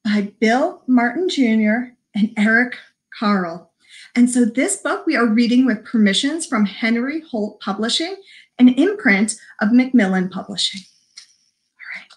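A woman's voice: fairly high pitch, animated, measured pace. A woman librarian reading a picture book aloud to young children, in a sing-song, encouraging voice that mixes in animal noises. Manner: encouraging, talks to young viewers. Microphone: livestream camera mic.

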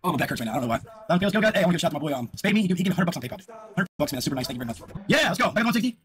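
A fast-talking man with a husky, high voice streams his own gambling. He is excitable and swears constantly, and his pitch swings wide as he breaks into shouts. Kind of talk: live-stream reaction.

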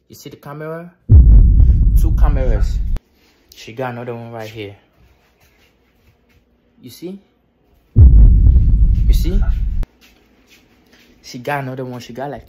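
A tired young man vlogging from his bedroom at night, keeping his voice low and repeating himself. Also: slight background noise. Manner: tired, quiet near-whisper, repetitive. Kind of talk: casual vlog talk to camera.

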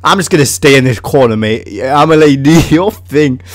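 An English man giving excitable casual commentary while playing a game, shouting at his teammate. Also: on the high side, brisk, no room sound, clean studio sound. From England. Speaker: gaming video host.

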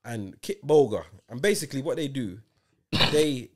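A man in his forties co-hosting a podcast, telling stories in animated, insistent casual banter. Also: medium pitch, unhurried. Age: 40s. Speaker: podcast co-host.

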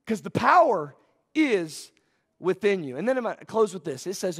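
A man's voice: high-pitched, very animated, normal speed, slightly rough. A male pastor preaching a sermon in a church sanctuary, bantering playfully with the congregation. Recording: reverberant church hall.

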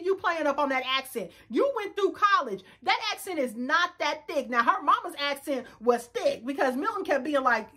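A woman in her thirties gives a sassy, loud, casual recap of a reality dating show. She switches her speed and pitch often.

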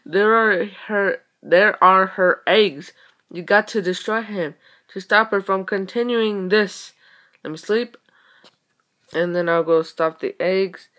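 A young woman giving casual game commentary, excitable, exclaiming and muttering to herself as she plays. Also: medium pitch, slow pace. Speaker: gaming video creator.

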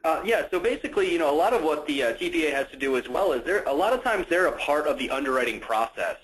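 A man's voice: a little high, animated, quick pace, a bit bright, rough recording. A man representing an insurance company, chiming in on a training call with casual explanations. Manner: casual, explains with fillers like "you know". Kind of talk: conference-call training talk.

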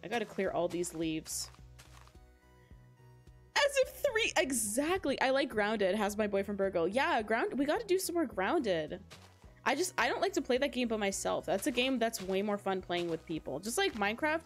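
A woman's voice: a little high, big pitch swings, moderate pace, faint music behind. A woman of twenty-five hosting a casual gaming livestream, chatty and giggly as she talks straight to her chat on a close mic. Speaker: livestream host.

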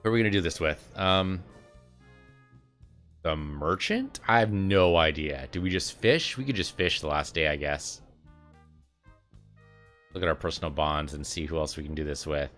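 A man's voice: very deep voice, normal speed, long pauses, a bit bright, soft background music. A man casually commentating his gameplay, musing aloud and chatting about what to do next. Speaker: let's play host.

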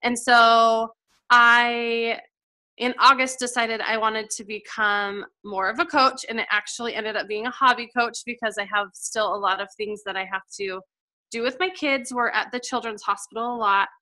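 This guest coach, a woman in her thirties, speaks at a normal speed in a fairly high, steady voice that sounds pushed and bright. Her story comes out as a casual, heartfelt testimonial, chatty and emotional with plenty of fillers.

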